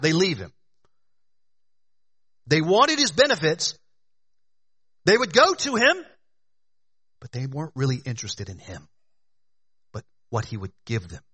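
Bright, husky man preaching a sermon. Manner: conversational preaching, addresses congregation as "y'all" and "guys"; swings between loud emphatic rises and hushed low drops. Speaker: pastor.

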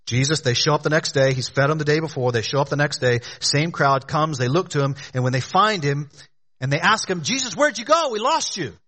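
A pastor preaches to his congregation, chatty and direct, calling them "y'all". His voice is a little high, bright and slightly husky. He builds to loud, emphatic lines, then drops to hushed, low ones. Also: brisk. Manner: conversational preaching, addresses congregation as "y'all" and "guys". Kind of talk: sermon.

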